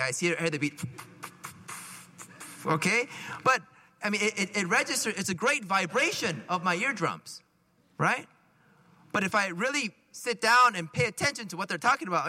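Man, preacher, chatty sermon, high voice, very bright tone, long hall reverb. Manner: conversational, keeps checking in with rhetorical questions.

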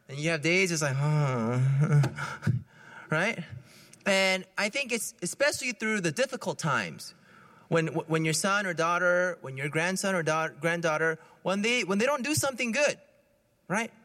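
A man's voice: high voice, expressive, normal speed, sharp tone, in a large hall. A man, a priest, giving a conversational homily, often laughing as he talks.

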